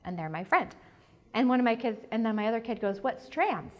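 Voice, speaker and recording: A woman's voice: fairly high pitch, quick pace, darkish tone. A woman presenting at a conference, talking frankly and chatty, with jokes, as a psychology teacher. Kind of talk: candid conference talk. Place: conference breakout room.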